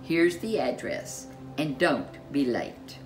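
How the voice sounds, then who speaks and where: Storybook goblin, as read by a woman: a sly, prim male goblin with formal manners, lively delivery. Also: low-pitched, slow, soft background music. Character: polite sly male goblin, grinning, scheming.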